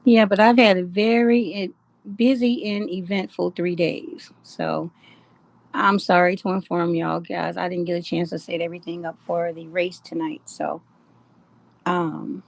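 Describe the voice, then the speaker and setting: A woman's voice: lowish voice, little pitch movement, measured pace, gravelly, dry recording. A middle-aged woman with a drawl hosts a live stream and chats easily with her viewers. She greets people by name and laughs a lot. The sound is dry and close. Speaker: live-stream host of a jewelry shop.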